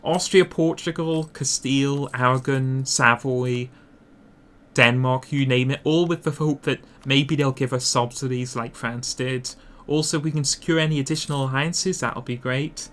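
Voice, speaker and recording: A man's voice: mid-range voice, steady tone, moderate pace, a bit bright. A man narrating an instructional strategy game guide, explaining his plans while thinking aloud and correcting himself as he goes. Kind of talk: instructional gameplay commentary.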